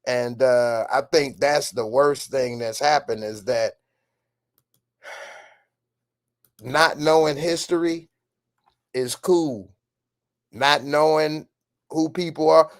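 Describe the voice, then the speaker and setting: A man's voice: mid-range voice, slow, long pauses. A man hosting a live stream, speaking in an emphatic, ranting way and answering viewer comments in casual commentary.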